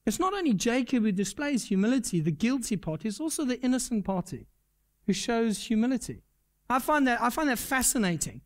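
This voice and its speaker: A man's voice: extremely high pitch, very animated, a little fast. A man preaching a sermon. He talks earnestly, repeats his key points, asks the congregation questions and pokes fun at himself. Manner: self-deprecating humor. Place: church service.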